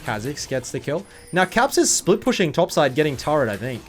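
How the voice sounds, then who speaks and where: A man's voice: fairly high pitch, very animated, fairly quick, soft background music. A young man, jet lagged, rambling through casual gameplay commentary as a streamer with joking, sarcastic asides.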